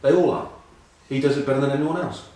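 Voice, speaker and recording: A man's voice: mid-range voice, fairly even intonation, fast, warm tone. Rambling English man, echoey and distant. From England. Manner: rambling, self-mocking anecdotes with many ums. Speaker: rugby pundit. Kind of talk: casual chat.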